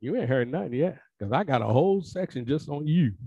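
Brief: male pastor, fairly high voice, emphatic and repetitive, dry close-miked sound. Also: warm tone, breathy edge, no echo. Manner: emphatic, colloquial, repeats phrases for emphasis. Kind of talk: sermon. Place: church sanctuary.

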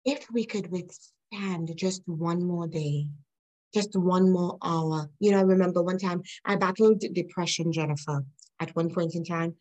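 A woman's voice: lowish voice, measured pace, darkish tone, low-quality recording. A middle-aged woman guest, earnest and reflective, telling a personal story in an interview and laughing now and then.

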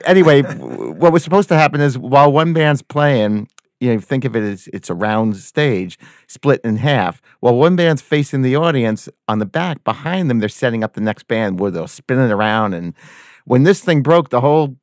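A man in a band telling a lively anecdote in casual chat, acting out the quoted voices and laughing often. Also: mid-range voice, normal speed, no room sound, clean studio sound. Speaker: band member guest.

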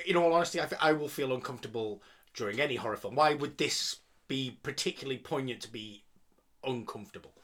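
A man's voice: medium pitch, quick pace, fairly bright tone. A man co-hosting a casual film-review podcast, sweary and jokey, often laughing. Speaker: podcast co-host.

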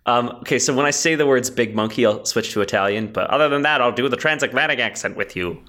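Casting: male podcast co-host, bright tone, goofy and quick, laughs a lot. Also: medium pitch. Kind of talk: casual comedic podcast chat.

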